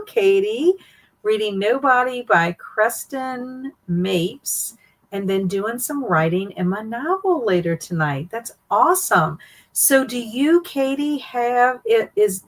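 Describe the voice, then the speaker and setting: A woman's voice: medium pitch, poor audio. A middle-aged woman with a Southern US accent, chatting casually and greeting viewers by name on a live stream. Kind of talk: casual live stream chat, reading chat comments aloud.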